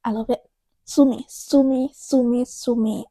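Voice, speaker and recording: A woman in her thirties talks straight to camera in a chatty book vlog, emphatic and a little exasperated, repeating lines for effect. Her voice sits slightly high but sounds warm and mellow. The sound is close and dry. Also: fairly even intonation, a little slow, dry recording. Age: 30s. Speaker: book vlogger.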